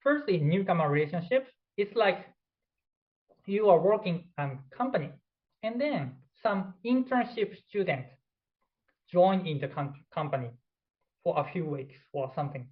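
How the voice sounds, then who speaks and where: A man's voice: high voice, sing-song, moderate pace, muffled recording. Man teaching in non-native English. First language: Japanese. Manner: non-native English, demonstrates pronunciation examples. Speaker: instructor. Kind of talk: presentation lecture.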